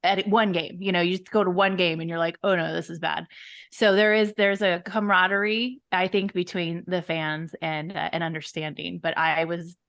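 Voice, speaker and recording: A woman from California hosting a podcast, telling stories in an animated way and laughing often. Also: on the low side, moderate pace, hardly any pauses, dry recording, clean studio sound. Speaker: podcast host. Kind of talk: casual interview chat.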